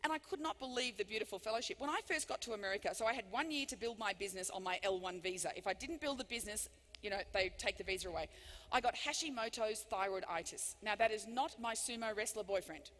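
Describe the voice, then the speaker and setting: A woman giving a live motivational keynote speech, animated and emphatic, swinging between loud bursts and hushed lines. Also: mid-range voice, fast talker, a little hiss or hum. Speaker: motivational speaker. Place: large hall before thousands of people. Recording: long reverb of a big hall.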